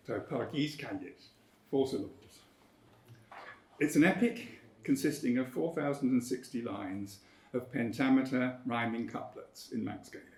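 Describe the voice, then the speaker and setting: A man giving an academic lecture in a measured, precise way, with firm emphasis on key points. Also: mid-range voice, darkish tone. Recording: roomy lecture hall.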